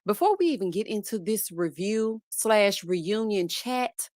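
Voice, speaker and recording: A woman hosting a live-streamed reality TV review, lively and chatty, calling out "child" and "honey" as she greets viewers by name. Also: mid-range voice, a little slow, no echo, studio quality. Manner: sassy, says "child" and "honey". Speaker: host.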